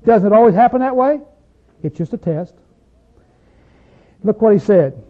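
A man preaching a sermon, asking his listeners questions and swinging between loud stretches and hushed ones. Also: high-pitched, lively intonation, moderate pace. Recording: tinny phone-like sound.

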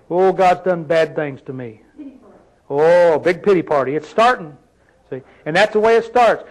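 A man with a notably high voice delivers an emphatic sermon. He reads scripture, then keeps turning to his listeners with rhetorical questions. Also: poor audio. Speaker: preacher.

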